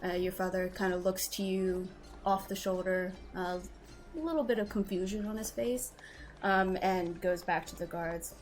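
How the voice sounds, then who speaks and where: A woman runs a tabletop game, describing scenes in a loose, conversational way full of ums and likes. Her voice sits on the lower side, and quiet music plays underneath. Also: steady tone, moderate pace. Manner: casual, many fillers like um and like. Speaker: game master.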